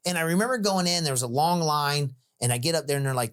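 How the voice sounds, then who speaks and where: A man's voice: fairly high pitch, fast talker, a bit bright, clean tone. A man telling a story from his own life in casual podcast chat, rambling and profane, full of "like" and "dude", acting out the voices of the people in it.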